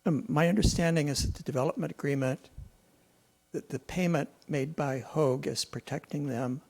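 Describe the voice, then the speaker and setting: A man's voice: on the high side, moderate pace, vocal fry, darkish tone, poor audio. A man giving public comment at a city council meeting, asking precise questions.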